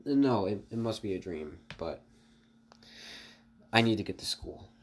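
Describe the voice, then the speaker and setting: A man's voice: fairly low pitch, lively intonation, a little slow. A man voicing a scared teenage boy who swears and is confused about his own body. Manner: panicky, swearing.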